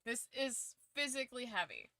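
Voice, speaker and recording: A woman's voice: fairly high pitch, huge pitch swings, moderate pace, pushed and bright, no echo. A woman streamer chatting casually to her viewers, laughing often and swearing freely. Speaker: streamer hosting a watch-along. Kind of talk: casual chat.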